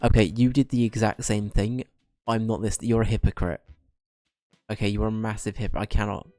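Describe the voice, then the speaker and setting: A young man with a fairly low voice, chatting casually as he streams a game. He cracks jokes at his own expense and throws in quick asides. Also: fairly even intonation, a little mellow, no room sound. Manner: joking, self-deprecating, quick asides. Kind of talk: casual gaming commentary.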